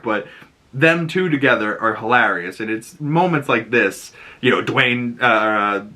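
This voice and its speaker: Bright-voiced excitable man chatting. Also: mid-range voice. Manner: excitable, rambling, full of "like" and "you know". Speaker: podcast host. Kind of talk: casual pop-culture chat.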